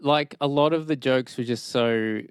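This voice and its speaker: A man's voice: medium pitch, normal speed, clean tone, no room sound, clean studio sound. A man on a podcast panel, reviewing an episode hesitantly with many fillers in casual chat.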